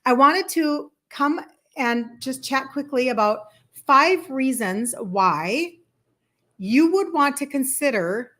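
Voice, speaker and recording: A woman's voice: sits high, expressive, takes it slowly, fairly bright tone. A woman in her fifties with a Minnesota accent, hosting a casual live stream, chatty and enthusiastic, with rambling asides. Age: 50s. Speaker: health coach livestream host.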